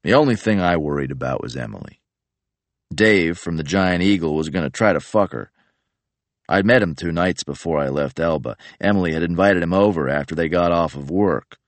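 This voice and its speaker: A man narrating an audiobook in a deadpan, matter-of-fact way. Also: sits low, moderate pace, no room sound.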